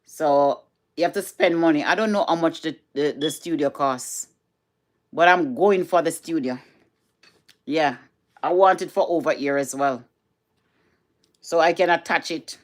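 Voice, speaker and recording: Speaking low, a bit slowly and with frequent pauses, a middle-aged Jamaican woman chats to camera in a home vlog. Her Jamaican accent is clear, and she tends to repeat herself and drift into patois.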